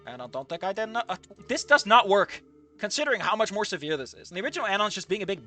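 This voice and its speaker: A man's voice: high-pitched, big pitch swings, fast, bright, forceful tone, faint music behind. A man giving a profane, exasperated running commentary while reading a fanfic. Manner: profane, exasperated, swearing often. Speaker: fanfiction reviewer.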